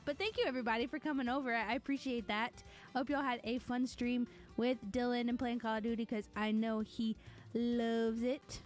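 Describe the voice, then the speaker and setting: A young woman streaming a game, chatting casually and greeting viewers by name. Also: fairly high pitch. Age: young adult. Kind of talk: casual live-stream chat while gaming.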